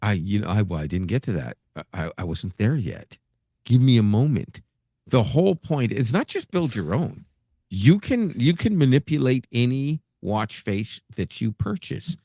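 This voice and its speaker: A man's voice: medium pitch, very animated, normal speed, dark tone, dry recording, studio quality. A man hosting a tech podcast in casual chat, rambling and going off on tangents. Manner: rambling, digressive. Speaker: podcast host.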